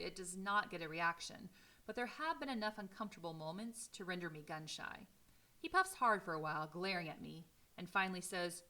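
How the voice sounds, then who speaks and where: Bright-voiced woman reading a novel aloud. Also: lowish voice. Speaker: teacher.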